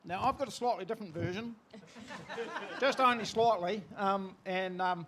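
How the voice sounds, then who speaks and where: An older man with a notably high voice for a man gives a tribute at a church memorial. He hesitates a lot, filling gaps with ums, and slips in wry understatement, with a faint hiss underneath. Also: a little slow, fairly bright tone. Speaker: family member giving a tribute. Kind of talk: memorial tribute with dry humour.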